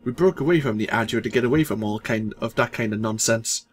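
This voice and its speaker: A man's voice: mid-range voice, fast talker, lightly acted. A man voicing a portly, smiling village shopkeeper who is folksy, gossipy and opinionated, as he reads game dialogue aloud. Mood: grumbling.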